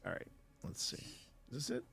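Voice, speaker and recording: A man hosting a live stream, chatting casually and rambling with his viewers. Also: brisk. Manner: rambling, self-interrupting, playful banter with chat.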